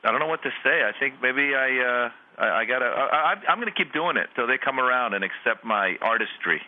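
A male comedian chatting on the radio, halting and self-mocking, full of restarts. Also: mid-range voice, lively intonation, a little hiss or hum. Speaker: comedian and panelist. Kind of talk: casual radio interview chat. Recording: dry, phone-like line.

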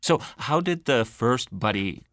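A man's voice: mid-range voice, lively intonation, unhurried, fairly bright tone, no echo, studio quality. A man hosting an interview, attentive and encouraging, asking questions between brief affirmations. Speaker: interviewer, host. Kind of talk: conversational interview.

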